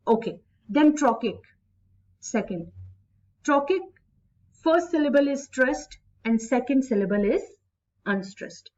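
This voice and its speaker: A woman teaching a poetry lesson at a slow, deliberate pace. Her fairly high voice stresses syllables aloud as she addresses her students directly and repeats key points. The recording is dull and lo-fi. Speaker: college English literature teacher. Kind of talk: recorded classroom lecture.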